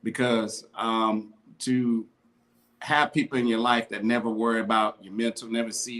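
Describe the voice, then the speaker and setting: A man's voice: fairly low pitch, fairly even intonation, normal speed, a bit bright. A man co-hosting a podcast, talking in a heartfelt, slangy, casual way. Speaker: podcast co-host.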